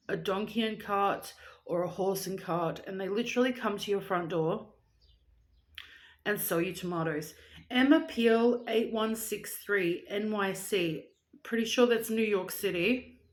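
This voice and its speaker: A young woman vlogger chatting casually while reading out viewer shoutouts, playful and rambling. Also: medium pitch. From Australia. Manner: chatty and playful, with silly asides and rambling tangents.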